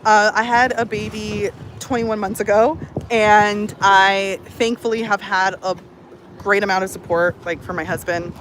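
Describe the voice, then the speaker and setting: A bubbly, chatty woman in her thirties talks casually to her livestream viewers from a phone, her voice sitting at an ordinary middle pitch. Faint traffic noise from outdoors hums behind her. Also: fairly even intonation, unhurried, a bit bright, rough recording. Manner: bubbly, chatty, many fillers. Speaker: personal growth coach.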